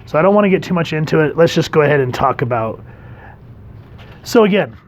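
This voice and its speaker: A man casually reviewing a comic book, animated and acting out the characters' lines in quick voices. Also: a little high, highs cut off.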